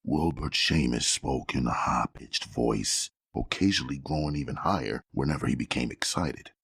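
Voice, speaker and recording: A man narrating a crime novel audiobook in a steady, measured storytelling manner with a gravelly voice. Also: extremely low pitch, dry recording, studio quality.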